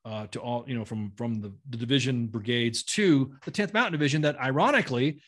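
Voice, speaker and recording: Fast-talking blunt profane man. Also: medium pitch, fairly bright tone. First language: not English. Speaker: podcast guest, retired army sergeant major. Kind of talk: casual storytelling.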